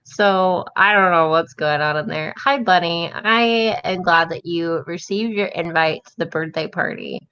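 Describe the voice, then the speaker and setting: Slow-talking, blunt woman streamer. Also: lowish voice, a bit bright, clear, resonant tone, lo-fi sound. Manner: blunt, swears, laughs often. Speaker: livestream host. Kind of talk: casual livestream chat.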